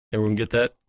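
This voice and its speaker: A man hosting a podcast, chatting in a laid-back, joking way. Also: on the low side. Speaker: podcast host. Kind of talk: casual podcast talk.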